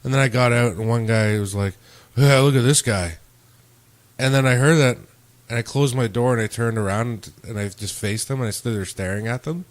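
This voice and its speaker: Male podcast host, mid pitch, casual and profane, animated storyteller. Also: fairly quick.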